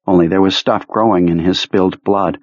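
A man narrating an audiobook in a measured, low-key storytelling manner. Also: steady tone, darkish tone, no echo. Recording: dry, slightly muffled recording.

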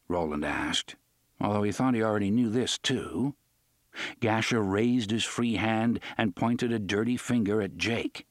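This audiobook narrator has a fairly low-pitched voice, recorded dry and at studio quality. He reads his script in an expressive yet measured storytelling style.

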